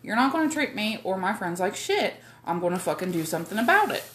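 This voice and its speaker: A woman's voice: mid-range voice, sing-song, fast, fairly bright tone, roomy sound. A woman voicing a furious, defiant young woman. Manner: blunt, profane, emphatic.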